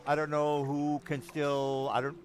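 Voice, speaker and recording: A man's voice: on the high side, monotone, unhurried, faint music behind. A man narrating a tabletop game as game master, stalling often with fillers and restarting his sentences. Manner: hesitant, full of fillers and restarts.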